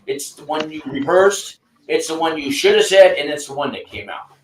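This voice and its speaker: A man hosting a casual chat, giving rambling advice with many halting restarts and fillers. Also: fairly high pitch, expressive, reverberant, a little hiss or hum, low-quality recording. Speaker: host coaching a guest.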